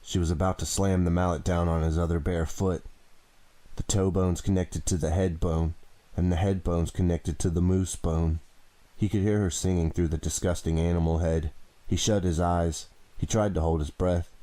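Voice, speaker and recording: Deep voiced guy reading a thriller audiobook, steady and dramatic, dry close mic. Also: normal speed, no room sound. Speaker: audiobook narrator.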